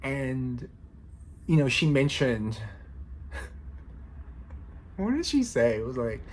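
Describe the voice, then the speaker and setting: A man in his thirties talks casually to his viewers, slangy and teasing, with frequent laughs. His voice is animated, swinging widely in pitch. A faint hiss sits under the recording. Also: extremely slow. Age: 30s. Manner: chatty, playful, slangy, laughs often. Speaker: law student vlogger. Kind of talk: casual chat to camera.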